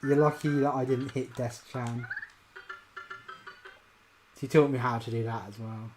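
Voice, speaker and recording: A woman with a strikingly deep voice chats through a game stream as a VTuber. She rambles and restarts her thoughts, then bursts out loudly at tricky moments. Faint game music plays underneath. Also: steady tone, unhurried, poor audio. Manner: rambling and chatty, with sudden loud exclamations. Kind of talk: casual live-stream chat while gaming.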